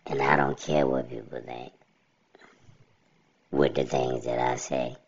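Guy on a solo podcast, robot voice filter, super deep and gravelly, blunt rambling talk, kinda muffled audio. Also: flat delivery, unhurried. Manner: blunt and rambling, often says "you know what I'm saying". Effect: pitched-down robotic voice filter. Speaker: podcast host. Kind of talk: casual solo podcast monologue.

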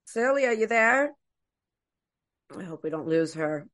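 A woman's voice: mid-range voice, expressive, takes it slowly, fairly bright tone. Effusive woman podcast host. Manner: effusive and laughing, praising the guest. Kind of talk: casual interview.

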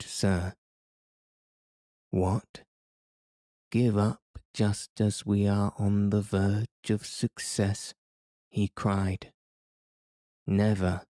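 A stubborn elderly professor who will not turn back, read by a man in his own voice. Low and slow, he insists on pressing on. Dark, mellow and even. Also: dry recording, studio quality. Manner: insistent, commanding. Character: stubborn elderly male professor, fierce explorer.

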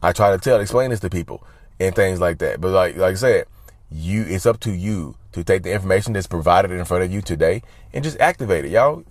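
A man's voice: low-pitched, animated, brisk, no echo. A man talking casually to his viewers, giving advice in an emphatic, repetitive way and often calling them y'all. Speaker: advice vlogger. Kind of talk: casual talk to camera.

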